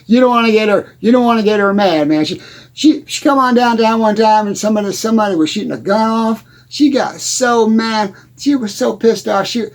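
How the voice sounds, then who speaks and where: A rambling, stammering country bumpkin, played by a man, tells folksy small-town tales in a comedy monologue. His voice sits high and keeps repeating and restarting words. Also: a little fast. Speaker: comedy character host.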